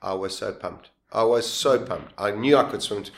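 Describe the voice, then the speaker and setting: A man, quietly telling a personal survival story in halting speech that often repeats words. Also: lowish voice, expressive, creaky.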